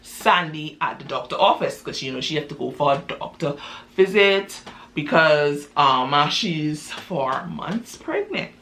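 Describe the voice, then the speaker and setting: A chatty woman telling a story in a loose, casual way, full of fillers and asides. Her voice is bright and sharp. A faint hiss runs behind her. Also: low voice, sing-song, unhurried.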